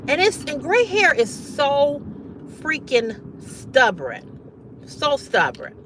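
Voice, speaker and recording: Lively slow-talking woman livestream host. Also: high-pitched, slight background noise. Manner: animated, reads comments aloud and reacts; bursts into loud laughter often. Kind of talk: casual livestream chat with viewers.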